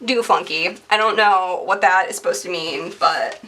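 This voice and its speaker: A woman's voice: on the low side, moderate pace, sharp tone, far from the mic, slight background noise. A woman in her twenties chatting casually and rambling as she decorates a planner, full of fillers and asides. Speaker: planner vlogger. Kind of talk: casual chatty narration over crafting.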